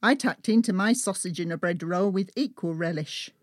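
A woman, reading her own travel memoir in a steady, measured storytelling manner. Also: fairly low pitch, no room sound, clean studio sound. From England. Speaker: author and narrator.

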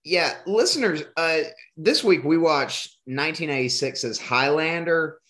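A man's voice: a little high, lively intonation, a little slow, a bit bright. A man hosting a podcast in casual chat, rambling and joking, often restarting his words. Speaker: podcast host.

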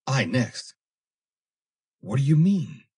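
A shrill, cowardly man in a panic, his voice pushed up high and cracking with fear, as a low-voiced male narrator puts him on. He pleads and shrieks, breathy and frantic. It comes from a storybook reading. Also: sing-song, takes it slowly, darkish tone, heavily acted. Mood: panicked. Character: cowardly panicking heavyset man trapped in a sinking submarine.

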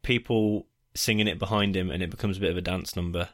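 A man's voice: low voice, fairly even intonation, fast talker, fairly bright tone. A man co-hosting a podcast, chatting casually about a film and retelling its plot with many restarts. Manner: laid-back, retells plots at length with many restarts. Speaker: podcast co-host. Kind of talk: casual film review chat.

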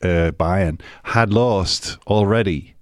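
A man with a very low, deep voice talks football in a loose, rambling way, breaking off and restarting his sentences. He is recorded close and dry, with no room sound. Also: slow, no echo. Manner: rambling, self-interrupting, restarts sentences often. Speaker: podcast co-host. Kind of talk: casual football chat.

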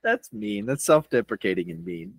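Lively, laughing young podcast host. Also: male voice, fairly low pitch, moderate pace, husky, no echo, rough recording. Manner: laughs often, restarts and self-corrects. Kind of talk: casual chat.

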